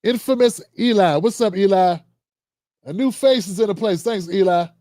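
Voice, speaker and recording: A man hosting a livestream reads out viewer comments and signs off in a loose, slangy, chatty way. His voice sits high with a dark tone at a moderate pace, recorded in clean studio quality with no room sound.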